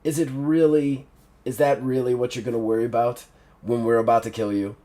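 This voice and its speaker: A man voicing a big, menacing male thug who speaks slowly and with quiet threat. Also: mid-range voice, little pitch movement, voice pushed down, close to an everyday voice.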